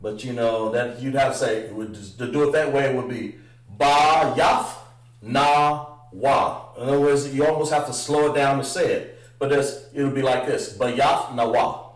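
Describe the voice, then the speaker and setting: A man teaching a livestreamed language lesson, drawing out words slowly for pronunciation drills and chatting with viewers between examples. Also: mid-range voice, fairly even intonation, darkish tone. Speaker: instructor. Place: room, livestream. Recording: roomy echo, far from the mic.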